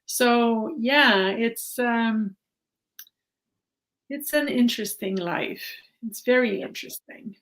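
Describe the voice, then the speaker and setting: A middle-aged woman, a mindset coach, talking reflectively as a podcast guest, animated at times, with frequent restarts. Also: fairly high pitch, slow, low-quality recording. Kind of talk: casual conversation.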